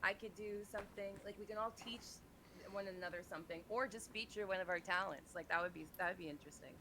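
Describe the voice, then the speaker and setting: A bubbly woman hosting a group voice chat, talking fast and tumbling from one idea to the next. She giggles often. A faint hum sits under her voice. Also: medium pitch, sharp tone. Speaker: streamer host.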